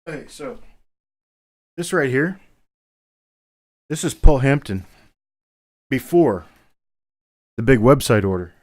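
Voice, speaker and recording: A middle-aged man hosts a live coin auction stream, chatting easily with viewers in a medium-pitched voice with lively intonation. He speaks slowly and pauses often, sounds a bit winded, and reads chat names aloud, answering each directly and calling them brother.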